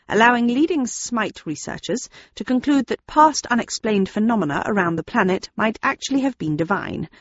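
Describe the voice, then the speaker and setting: Woman reading a book aloud, steady and measured, dry close sound, bit muffled. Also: mid-range voice, no room sound. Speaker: audiobook narrator. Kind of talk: first-person audiobook narration.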